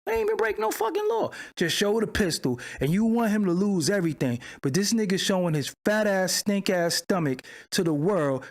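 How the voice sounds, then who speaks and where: Male streamer host, gravelly voice, lively swooping delivery, profane and mocking, picks fights with chat. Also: fairly high pitch. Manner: argues with chat viewers. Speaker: channel host. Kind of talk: livestream commentary rant.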